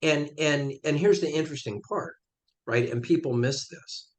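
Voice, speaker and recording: A man's voice: fairly high pitch, normal speed. A man, a guest on a podcast interview, explaining his points emphatically with step-by-step examples.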